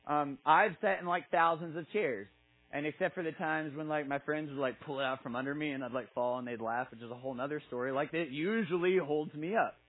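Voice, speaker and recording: Husky-voiced man giving a playful sermon. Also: a little high, a little fast, low-quality recording. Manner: animated, acts out characters in a playful storytelling way. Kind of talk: casual sermon.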